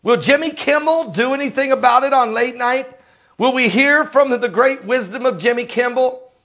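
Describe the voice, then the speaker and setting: A man who is a preacher, delivering impassioned commentary full of repeated rhetorical questions and sometimes rising to a shout. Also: extremely high pitch, normal speed. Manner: fiery, rhetorical questions, repetitive.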